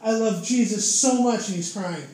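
A man's voice: sits high, normal speed, darkish tone. A young man giving a casual preaching testimony, fervent and informal, constantly dropping "man" and "dude" into his talk. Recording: very echoey room with faint noise.

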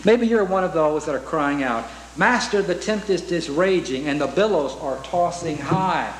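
A man's voice: on the high side, animated, normal speed, few pauses, reverberant, a little hiss or hum, rough recording. A man preaching a sermon in an earnest way, asking rhetorical questions and reciting hymn lyrics.

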